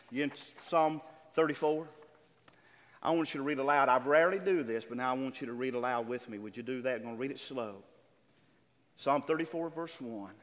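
An older man preaching a sermon as pastor, calling out to his congregation and drawing out key words slowly. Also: mid-range voice, a bit bright, big-room sound. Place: church sanctuary.

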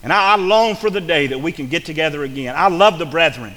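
Fervent preacher in a reverberant hall. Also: male voice, a little high, animated, fast talker, sharp tone. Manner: fervent preaching with repeated phrases and restarts. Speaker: pastor. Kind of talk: sermon.

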